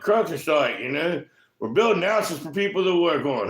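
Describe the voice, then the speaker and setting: A man talking casually to the camera in a rambling, profane way, tagging most remarks with a quick "right?". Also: on the high side, expressive, fairly bright tone, echoey room. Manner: profane, keeps asking "right?". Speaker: vlogger.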